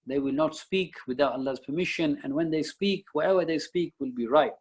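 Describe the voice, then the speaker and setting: A man's voice: fairly high pitch, brisk, hardly any pauses, slightly rough, rough recording. A man teaching a Quran lesson, reciting verses and explaining each one in English. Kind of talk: Islamic study lecture.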